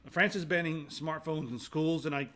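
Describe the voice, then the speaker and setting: A young man co-hosting a casual chat show, telling stories animatedly and dropping into quick impressions. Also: a little high. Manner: animated storyteller who slips into quick voice impressions. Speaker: co-host.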